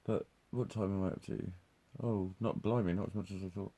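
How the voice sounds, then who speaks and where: A man's voice: low voice, fairly even intonation, fairly quick, dark tone, slightly rough. A man rambling in a live monologue, swearing constantly, laughing often and restarting his sentences. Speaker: vlogger.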